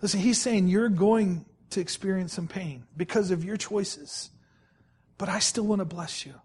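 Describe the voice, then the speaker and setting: A man preaching a sermon as pastor, emphatic and repetitive, slowing down to stress key words and questioning the congregation directly. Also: high voice, darkish tone, breathy edge. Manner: emphatic, repeats phrases, slows right down to stress key words.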